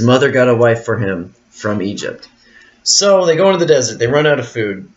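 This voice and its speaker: A man's voice: mid-range voice, animated, a little fast. A man reading Bible verses aloud and then explaining them in a casual, rambling way full of fillers. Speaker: Bible study teacher. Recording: dull lo-fi recording.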